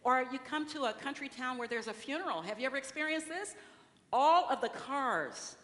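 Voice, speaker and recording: A woman's voice: sits high, fast, sharp tone. Woman preaching in a reverberant church. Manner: conversational preaching with rhetorical questions and acted-out quotes. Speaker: speaker at a church service. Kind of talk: sermon. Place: large church sanctuary. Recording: reverberant hall, faint room noise.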